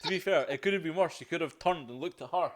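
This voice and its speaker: A man in a casual podcast chat, excitable and swearing heavily, often saying "aye" and "like". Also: a little high, fast, a loud crowd.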